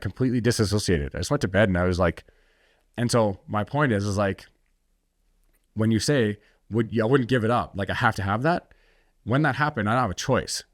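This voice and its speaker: Blunt, low-voiced man telling his story. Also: dry recording, clean studio sound. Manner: blunt, intense, swears freely, acts out quoted dialogue. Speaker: entrepreneur guest. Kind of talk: candid storytelling in a podcast interview.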